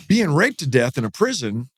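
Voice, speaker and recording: A pastor recounts a story on a podcast, his pitch swinging high and low as he acts out what others said. The sound is dry and close, with no room around him. He talks in a lively, storytelling way. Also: unhurried, no room sound. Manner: animated, acts out quotes with rising pitch.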